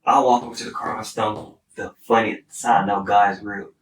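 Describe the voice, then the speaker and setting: A man's voice: fairly low pitch, flat delivery, normal speed. A young man from Houston, a podcast guest telling a personal story in a rambling way with many "like" fillers and restarts. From Houston, Texas. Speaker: podcast guest, singer-songwriter. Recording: roomy, distant mic.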